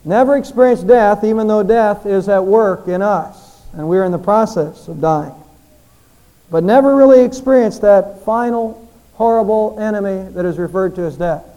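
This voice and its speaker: A man preaching a sermon, explaining and repeating phrases for emphasis and slowly drawing out the key lines. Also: sits high, mellow, poor audio.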